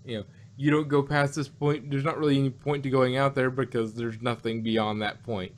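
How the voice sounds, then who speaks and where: A man's voice: medium pitch, little pitch movement, fairly quick, slight background noise. A man co-hosting a casual review podcast, thinking aloud with lots of fillers and restarts. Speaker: podcast co-host.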